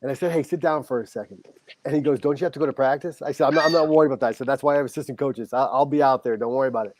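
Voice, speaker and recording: A middle-aged high school football coach, appearing as a podcast guest, tells an earnest, heartfelt story in an ordinary mid-range voice. He talks very fast with fairly even intonation, acting out the back-and-forth dialogue with warmth and conviction against a noisy background.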